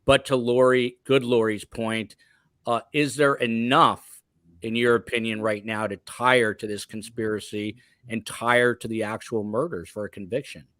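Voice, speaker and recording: A man's voice: medium pitch, level tone, moderate pace, fairly bright tone, no echo. Dry-sounding male podcast host. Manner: reads viewer comments, asks guests long questions. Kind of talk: live true-crime podcast talk.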